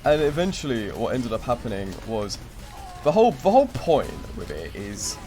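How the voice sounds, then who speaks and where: A young man chats through a long, rambling story while streaming, his pitch leaping up and down as he acts out the moments. Music plays clearly behind his voice. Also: normal speed. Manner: rambling, animated, full of fillers and acted-out quotes.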